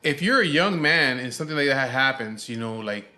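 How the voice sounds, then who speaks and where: A man in his forties telling a story off the cuff as a show host. He rambles, swears often, and stumbles through restarts and fillers. His voice sits at an ordinary middle pitch for a man. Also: animated, a little fast, sharp tone. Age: 40s. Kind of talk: casual storytelling chat.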